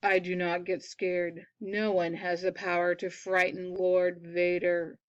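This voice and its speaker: A woman voicing a stern, humorless armored dark lord while reading a picture book aloud, with flat, curt denials. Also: on the low side, measured pace, no echo, highs cut off, lightly acted. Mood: haughty.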